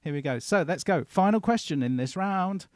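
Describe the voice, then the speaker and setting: Lively quiz-hosting man. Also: high-pitched, normal speed, no echo, clean studio sound. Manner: lively, rambling, laughing. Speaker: co-host and quiz master. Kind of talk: casual livestream chat.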